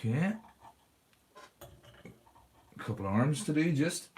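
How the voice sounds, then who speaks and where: A man's voice: fairly high pitch, lively intonation, measured pace, darkish tone, slight background noise. A man hosting a casual livestream, chatting and answering viewers' comments while he paints a model.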